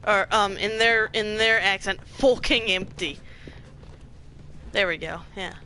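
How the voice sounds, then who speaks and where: A gaming streamer making casual, joking let's-play commentary with swearing asides. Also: male voice, sits high, steady tone, normal speed, sharp tone, a little hiss or hum.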